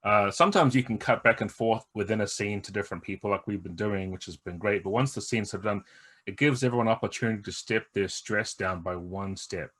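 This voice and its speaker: A man's voice: on the low side, a little fast, fairly bright tone. A man who plays in a tabletop game and explains its rules in an earnest, explanatory way.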